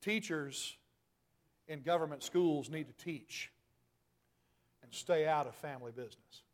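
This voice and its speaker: Middle-aged male preacher, high-pitched, emphatic, pushes to loud peaks. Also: unhurried. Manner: emphatic, rhetorical questions, rising to loud peaks. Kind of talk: sermon.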